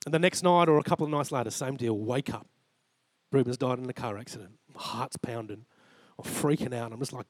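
A man's voice: mid-range voice, fairly quick, no room sound. A man in his forties with an Australian accent, preaching a sermon and telling a personal story, acting out conversations with God. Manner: earnest storytelling, acts out dialogue with God. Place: church.

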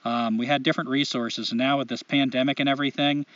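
A man's voice: medium pitch, level tone, quick pace, fairly bright tone, dry recording, recorded from a distance, lo-fi sound. A man co-hosting a podcast, talking casually and launching into blunt, profane rants. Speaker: podcast co-host. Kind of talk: casual podcast chat and ranting monologue.

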